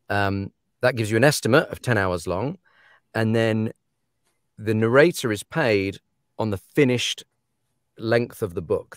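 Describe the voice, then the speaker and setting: An audiobook narrator talks in an easy, animated way, laughing as he goes. His voice sits on the low side, and the sound is dry and close with no room echo. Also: smooth. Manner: animated, laughing, acts out quoted authors. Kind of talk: casual podcast chat.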